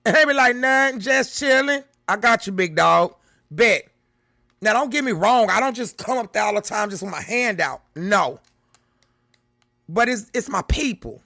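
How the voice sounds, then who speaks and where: Bright-voiced chatty woman streamer. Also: mid-range voice, expressive, moderate pace, dry recording, studio quality. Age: middle-aged. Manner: chatty, reads chat aloud, laughs often. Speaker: livestream reaction host. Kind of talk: casual live chat with viewers.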